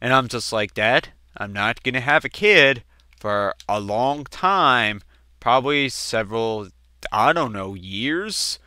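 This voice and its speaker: A man of twenty doing casual let's-play gameplay commentary, chatting and telling family stories in which he acts out quoted relatives with sudden jumps in pitch. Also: lively intonation, slow, pushed and bright, clear, resonant tone. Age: 20s.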